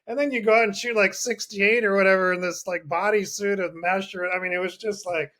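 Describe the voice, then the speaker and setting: Male host, chatty, high voice, casual interview. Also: fairly even intonation, a little fast, fairly bright tone. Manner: chatty, recalls shared memories and laughs along.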